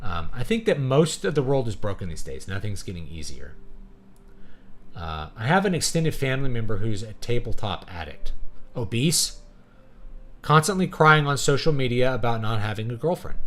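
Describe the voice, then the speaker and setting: Animated man giving opinionated commentary. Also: mid-range voice. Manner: opinionated, keeps tagging points with "right?". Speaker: host. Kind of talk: casual commentary monologue.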